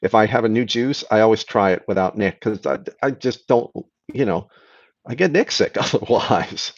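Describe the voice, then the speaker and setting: A man's voice: on the low side, animated, normal speed, lo-fi sound. A man hosting a live stream, casually answering chat questions and explaining things patiently, often restarting his sentences.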